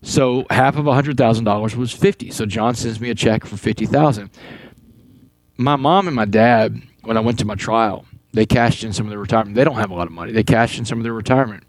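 A man in his forties talks at a rapid clip, spinning a story with plenty of drive and doubling back on words. The sound is close and dry, with no room around it. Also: on the low side, dry recording, rough recording. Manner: animated storyteller, repeats words as he goes. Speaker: guest. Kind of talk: storytelling interview.

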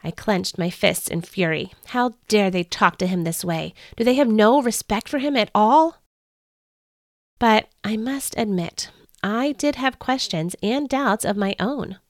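A woman hosting a podcast, reading a first-person story in an earnest, expressive way. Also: medium pitch, unhurried, no echo, clean studio sound. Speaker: podcast host.

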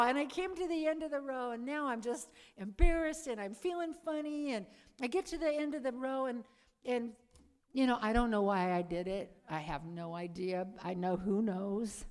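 A woman giving a lively testimony talk to a live audience, acting out her own past lines and asking the crowd questions. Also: on the high side, brisk. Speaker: speaker giving a conversion testimony. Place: church or meeting hall. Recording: long hall reverb.

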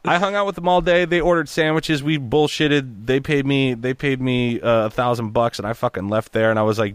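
A man from Oregon, a voice actor, telling a story in an animated, profane way and slipping into character voices. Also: medium pitch, moderate pace, no echo. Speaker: guest voice actor. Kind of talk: casual storytelling.

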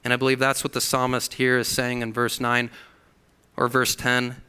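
A man's voice: medium pitch, completely flat delivery, normal speed, sharp tone, smooth. A man preaching a sermon in a church, earnest, acting out the voices he quotes. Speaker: pastor. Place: church hall.

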